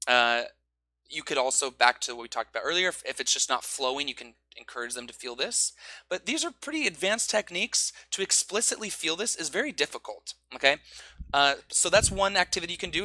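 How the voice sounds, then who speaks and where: Guy teaching english pronunciation, really bright voice, pitched a bit high, dry close mic. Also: no room sound. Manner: demonstrates stress with drawn-out example phrases. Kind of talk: teaching video explanation.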